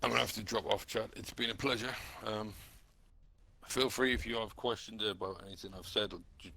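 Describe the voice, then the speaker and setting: A man's voice: lowish voice, fairly even intonation, a little fast, gravelly, pushed and bright. A man guest on a stream, speaking frankly and easily as he signs off. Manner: frank, easygoing. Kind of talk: casual stream chat.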